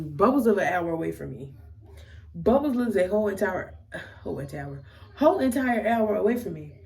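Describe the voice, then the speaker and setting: A young woman with a Maryland accent, telling a casual storytime to her camera in a slangy, animated way. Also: mid-range voice, distant mic, rough recording. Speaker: vlogger.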